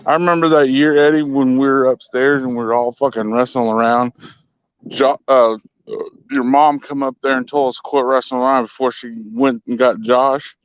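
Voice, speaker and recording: A man's voice: medium pitch, steady tone, normal speed, clean tone, no room sound. A man chatting casually with friends, recalling old times with swearing. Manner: reminiscing, profane. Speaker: friend in the chat. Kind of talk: casual chat. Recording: dull lo-fi dry sound.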